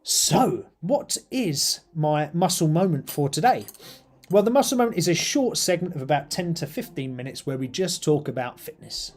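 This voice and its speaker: A man's voice: on the high side, sing-song, normal speed, a little mellow. Chatty British man hosting a live stream. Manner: chatty, rambling, with many ums and uhs. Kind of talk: casual live-stream chat while painting miniatures.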